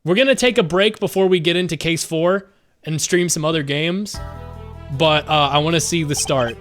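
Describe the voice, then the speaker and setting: A young man streaming a game live, excitable and emotional, swearing often as he reacts. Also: a little high, moderate pace, faint music behind.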